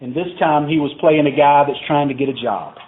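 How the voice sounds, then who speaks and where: A man's voice: a little high, fairly quick. Profane, rambling man. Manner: profane, digressive, conversational. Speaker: speaker at a recovery meeting. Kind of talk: live storytelling talk to a crowd. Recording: tinny phone-like recording, faint hiss.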